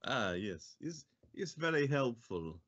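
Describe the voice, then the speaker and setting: A man voicing a young male adventurer in a put-on Russian accent, speaking in halting, formal phrases. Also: medium pitch, sing-song, a bit bright, highs cut off, exaggerated voice. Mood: polite.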